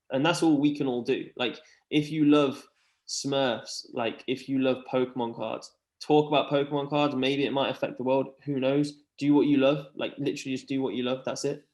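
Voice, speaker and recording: A man's voice: medium pitch, darkish tone. A man chatting earnestly about mental health, rambling with lots of fillers. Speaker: podcast guest. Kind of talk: casual chat. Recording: roomy echo.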